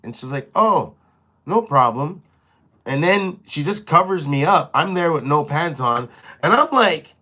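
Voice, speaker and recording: A young man casually telling a story on his live stream, profane and animated, slipping into quoted voices. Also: fairly high pitch, unhurried. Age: young adult.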